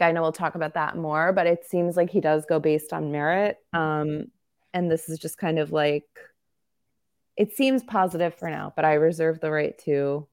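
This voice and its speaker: A woman co-hosts a sports podcast in a rambling, candid style, joking as she goes. Her voice sits low with a gravelly fry. A slight cough lingers in her throat. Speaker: podcast co-host. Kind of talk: casual sports chat.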